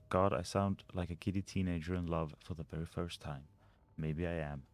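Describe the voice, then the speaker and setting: A man's voice: low-pitched, a little mellow. A man playing a mystery video game, reading notes and letters aloud and muttering over the puzzles. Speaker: let's play gamer.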